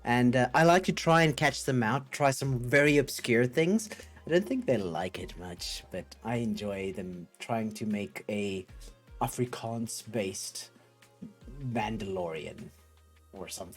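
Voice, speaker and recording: A man's voice: medium pitch, expressive, a little slow, faint music behind. A man hosting a casual coding livestream, thinking aloud and chatting with viewers in a rambling, upbeat way. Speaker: livestream host.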